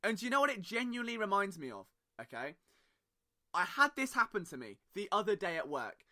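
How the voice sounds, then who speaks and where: Young British male podcast host, jokey and rambling, bright tense tone. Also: high-pitched, very animated, fairly quick. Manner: chatty, jokey, rambling asides. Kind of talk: casual sports podcast monologue.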